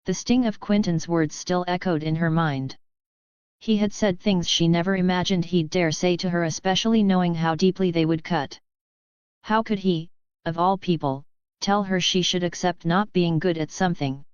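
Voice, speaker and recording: Brief: woman narrator, low smooth voice, even measured audiobook reading. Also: dry recording, lo-fi sound.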